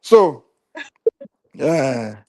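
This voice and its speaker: A man hosts a loose, casual discussion over a phone, stumbling through fillers and restarts as he builds his points. His voice sits at an ordinary middle pitch. The sound is dry and close, with no room echo. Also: sing-song, very slow, darkish tone. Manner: rambling, many fillers and restarts.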